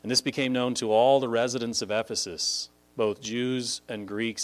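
A man teaching a Bible passage, talking conversationally with frequent "like", and leaping high in pitch to stress key words. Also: fairly even intonation, normal speed, hardly any pauses.

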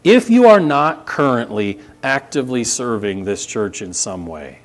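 A man's voice: mid-range voice, big pitch swings, measured pace. A man preaching a sermon as pastor, reading scripture and exhorting the congregation.

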